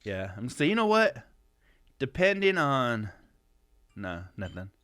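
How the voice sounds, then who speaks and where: A man's voice: mid-range voice, big pitch swings, slow, a bit bright, clear, resonant tone, no room sound. A young adult man co-hosting a podcast, rambling through stories, laughing often and swearing freely. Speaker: podcast co-host. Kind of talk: casual profane chat.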